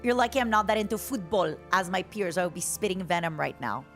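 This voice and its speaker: A woman's voice: lowish voice, expressive, fast talker. A woman streaming a strategy game, chatting in a playful, joking way with her viewers over faint background music. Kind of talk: casual gameplay chat.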